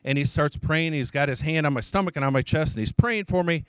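A man's voice: on the high side, fast, smooth, no room sound. A man, a church elder, preaching his testimony as an emphatic storyteller who repeats his key phrases.

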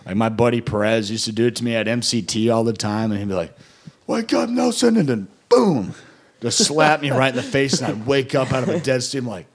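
A young man in casual conversation, telling rambling stories full of "like" and "uh" and breaking into laughter often. His voice sits at an ordinary middle pitch, neither high nor low. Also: steady tone, quick pace, hardly any pauses. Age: young adult. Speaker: guest recounting boot camp. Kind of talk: casual storytelling chat.

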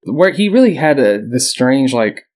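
A man with a mid-range voice speaks a little slowly as he co-hosts a podcast. He retells history casually, in a relaxed storytelling manner full of fillers and small laughs.

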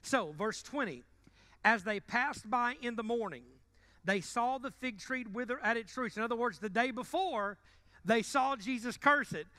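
A man preaching a sermon in a church, joking casually with the congregation and swinging between loud bursts and quiet asides. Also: extremely high pitch, animated, normal speed. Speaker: pastor. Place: church sanctuary.

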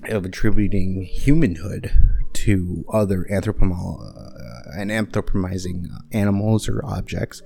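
Recorded at home on a handheld microphone with uneven sound, this podcast host talks a little slowly with vocal fry and a dark tone, while faint music plays behind him. He rambles in a casual monologue with many fillers and restarts, cooing at his dog in a high baby voice.

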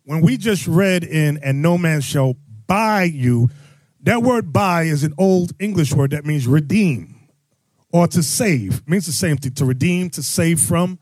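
Guy preaching loud n pushy, high voice, calls out the crowd, dry mic. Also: expressive, a little slow, dry recording. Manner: loud, emphatic, calls out the audience. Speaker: preacher leading a scripture teaching. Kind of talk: street-style scripture teaching.

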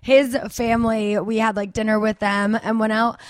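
A woman's voice: a little high, level tone, normal speed, dry recording. A young woman co-hosting a casual podcast, chatty and laughing as she tells a story. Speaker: co-host.

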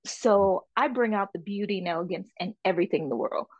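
A woman's voice: mid-range voice, fast, no room sound, lo-fi sound. A woman from the Caribbean with a Caribbean accent, French her first language, talking emphatically as an interview guest. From French Saint Martin, Caribbean. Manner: animated, emphatic, frequent "you know". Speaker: interview guest, artist and caterer. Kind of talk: casual interview talk.

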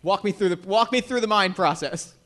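A man acting as game master, talking in a mock-managerial, deadpan boss tone. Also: sits high, fairly quick. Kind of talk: improvised tabletop game narration.

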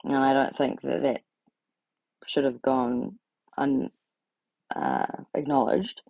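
A woman's voice: rumbling low, flat delivery, takes it slowly, vocal fry, no echo, lo-fi sound. A young adult woman talking straight to camera in a blunt, sweary, exasperated rant. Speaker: vlogger. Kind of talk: ranting casual monologue.

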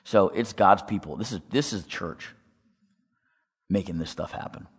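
Male speaker, very deep voice, testimony-style storytelling, reverberant hall. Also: unhurried, slightly rough. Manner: storytelling, acts out quoted dialogue, asks audience questions. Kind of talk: testimony talk to a congregation.

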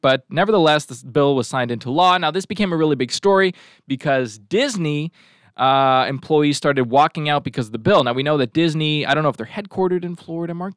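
A male talk show host riffs through a rambling, sarcastic monologue, tossing questions to his crew. His voice sits somewhat high for a man. The sound is dry and close, with no room echo. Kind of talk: casual political commentary monologue.

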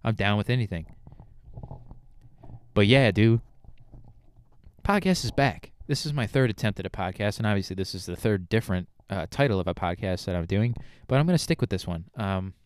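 Young guy hosting his own podcast, rambly and hyped, lowish smooth voice, dry studio mic. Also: quick pace, darkish tone, dry recording. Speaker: podcast host. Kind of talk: casual solo podcast chat.

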